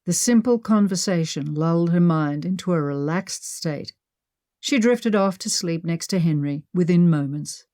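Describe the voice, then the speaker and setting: A woman reads an adventure audiobook in a steady, measured way. Her voice sits lower than most women's and keeps an even, unhurried narrating tone throughout. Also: no room sound, clean studio sound.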